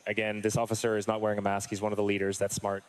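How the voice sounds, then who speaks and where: A man's voice: on the low side, completely flat delivery, racing. Earnest, hesitant male military veteran. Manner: earnest, hesitant, thinks aloud.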